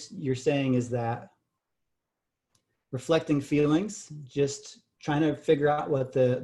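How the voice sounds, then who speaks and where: A male communication trainer delivers a workshop lecture in a warm, relaxed voice at a medium pitch. He explains step by step and often checks in with the room using tag questions.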